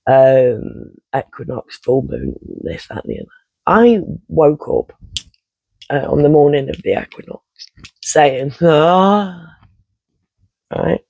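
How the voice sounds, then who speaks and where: A man's voice: medium pitch, wildly swooping pitch, unhurried, creaky, a little mellow, breathy edge, dry recording, lo-fi sound. A man, telling a rambling personal story in casual vlog style, swearing and interrupting himself often. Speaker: vlogger.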